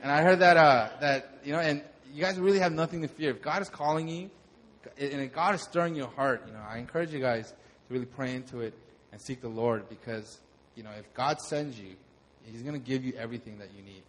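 A young man, a pastor, telling a lively sermon testimony and acting out the moments in his story. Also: medium pitch, fairly quick, a little hiss or hum. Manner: animated storytelling, acts out shouts.

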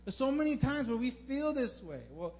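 A young man preaching a casual sermon as a pastor, informal and earnest, full of fillers, sometimes acting out prayers loudly. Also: very high-pitched, very animated, moderate pace. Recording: dull lo-fi recording with faint hum.

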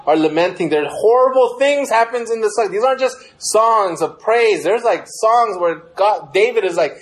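A man's voice: high voice, expressive, moderate pace, poor audio. A young man preaching a sermon in a casual, conversational way, acting out prayers with a raised voice. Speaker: pastor.

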